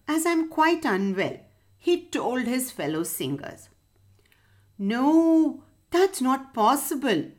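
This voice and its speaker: Hosting a podcast of children's stories, a woman with a medium-pitched voice narrates in a gentle, expressive read-aloud style.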